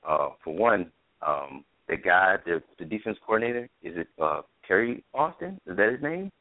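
A man co-hosting a casual sports talk podcast, halting and hesitant at first. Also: sits low, very animated, dry recording. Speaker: podcast co-host. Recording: tinny phone-line sound, dry.

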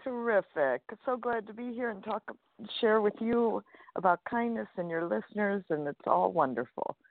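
A woman's voice: medium pitch, moderate pace, dry recording. Upbeat woman guest on a phone line. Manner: upbeat and chatty, with frequent fillers. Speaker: guest author and speaker. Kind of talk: interview over a phone line. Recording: dry, tinny phone line.

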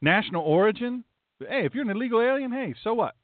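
A man's voice: extremely high pitch, expressive, quick pace, dry recording. A man, a pastor doing political commentary, reads legal text aloud with emphatic, indignant asides. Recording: tinny phone-like dry sound.

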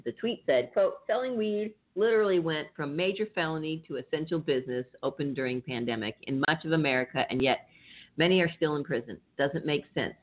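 Radio host reading news then going off on it casually, cussing, thin phone-ish sound, average pitch. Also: narrow, tinny audio. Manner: reads news then riffs on it, swearing and laughing.

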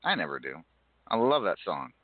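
A man's voice: low voice, brisk, no room sound. A man hosting a comedic online radio show, joking and exasperated with callers. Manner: animated, exasperated, jokey. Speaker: host. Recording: dry phone-like audio.

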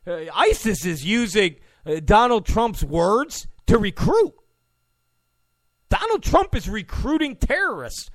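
A man's voice: high-pitched, lively intonation, moderate pace, no echo, studio quality. A male political commentator giving an opinion monologue in a mocking way, often acting out the people he quotes. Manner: mocking, acts out quoted people in put-on voices.

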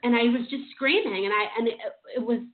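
A woman's voice: fairly high pitch, fast. Woman telling her story over tinny audio. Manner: emotional, rambling with many fillers and restarts. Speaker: podcast co-host telling her recovery story. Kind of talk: casual conversational storytelling.

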